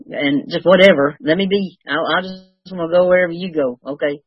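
A woman's voice: lowish voice, a little fast, breathy edge, dry recording, muffled recording. An older woman sharing her recovery story with wry, self-mocking humor. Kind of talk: personal testimony, storytelling.

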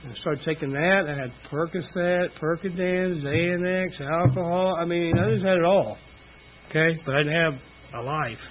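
A man's voice: fairly high pitch, moderate pace, dull audio, noisy background. A middle-aged man giving a candid, rambling personal testimony at a recovery meeting, full of "you know" fillers. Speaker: speaker sharing recovery story.

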